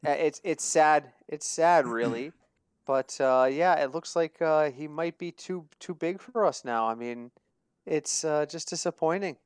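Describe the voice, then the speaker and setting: Animated man on a sports podcast. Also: a little high, unhurried, clean tone, dry recording, clean studio sound. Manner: animated, storytelling, laughs at own jokes. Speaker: podcast co-host. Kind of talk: casual sports podcast chat.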